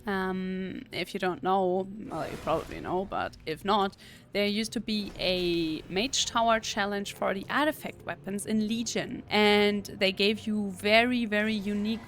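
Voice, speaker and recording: A woman's voice: mid-range voice, a little hiss or hum. A young woman giving casual, chatty commentary over her gameplay, playful and laughing often. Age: young adult. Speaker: gaming video creator.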